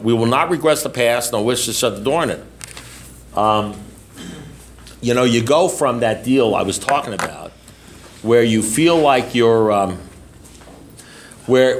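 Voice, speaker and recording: A blunt, self-mocking middle-aged man speaking casually at a recovery meeting, rambling and often asking "you know what I mean?". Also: medium pitch.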